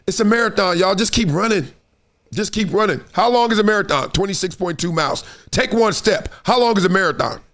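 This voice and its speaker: A man riffs on football standings as the host of his own show, his voice sitting fairly high. He talks loosely and animatedly, full of slang, and now and then lapses into a playful sing-song. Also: animated, fairly quick, a bit bright. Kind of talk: casual sports commentary monologue.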